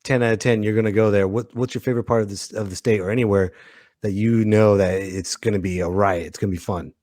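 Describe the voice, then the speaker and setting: Relaxed man hosting a podcast. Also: on the low side, fast, dry recording, clean studio sound. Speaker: podcast host. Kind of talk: casual podcast chat.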